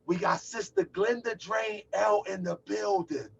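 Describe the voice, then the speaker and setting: Gravelly high-voiced man hosting a call-in. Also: fairly even intonation, a little slow, a little hiss or hum. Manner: loose, chatty, exclaims and laughs while setting up. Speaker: host of a call-in show. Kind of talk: casual livestream talk. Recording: distant, dull lo-fi mic.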